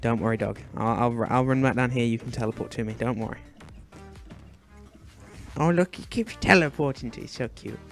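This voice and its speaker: A young man hosting a gaming video, chatting casually as he plays and fussing anxiously, with sudden high shrieks of alarm. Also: moderate pace, vocal fry, long pauses, soft background music. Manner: chatty, fretful and doting, often bursting into high shrieks. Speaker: gaming channel host. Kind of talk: Minecraft let's play commentary.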